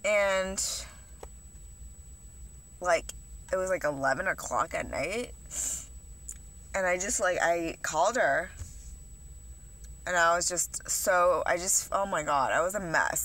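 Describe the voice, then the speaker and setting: This young woman speaks on the low side and slowly, pausing often, with a fairly bright tone. She's doing a confessional eating vlog, rambling along, swearing, and leaning heavily on "like."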